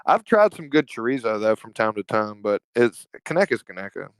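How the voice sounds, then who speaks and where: A man's voice: fairly low pitch, big pitch swings, a little fast, clean tone, dry recording, poor audio. A man with an Alabama Southern accent, talking as a podcast guest in a laid-back, slangy, profane and jokey way. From Evergreen, Alabama, US. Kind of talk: casual conversational storytelling.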